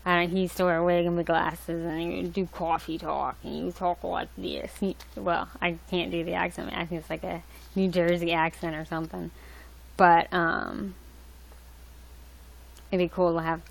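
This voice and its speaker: Young woman livestream host, lowish gravelly voice, rambling casual chat. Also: poor audio. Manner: rambling, loose, with many fillers and restarts. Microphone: laptop mic.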